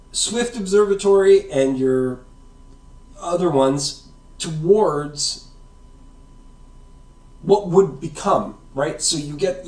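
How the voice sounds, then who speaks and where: A man's voice: fairly high pitch, a little mellow. A man giving a casual, rambling science explanation, often checking in with "right?" and "okay?". The sound is roomy and comes from away from the mic. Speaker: science video host. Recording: roomy echo, far from the mic.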